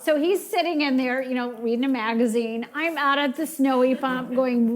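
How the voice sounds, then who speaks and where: A woman's voice: sits high, a little fast, few pauses. A woman co-hosting a marriage course, telling a personal story and acting out quoted voices. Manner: lively, acts out quoted voices. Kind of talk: storytelling to an audience.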